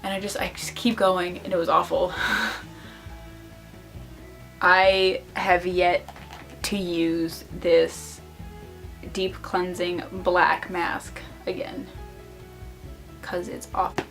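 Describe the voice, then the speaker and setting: A woman's voice: lowish voice, little pitch movement, slow pace, vocal fry, long pauses, a bit bright, soft background music. A young woman vlogger casually telling an embarrassing story to the camera, filling her talk with "like". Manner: chatty, lots of "like" fillers.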